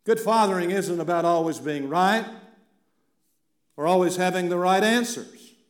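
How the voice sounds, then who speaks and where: A male pastor from central Appalachia preaching a sermon, swinging from loud declarations down to hushed, almost whispered lines. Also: high voice, normal speed. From central Appalachia, Virginia and eastern Kentucky. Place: church sanctuary. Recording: echoey church room.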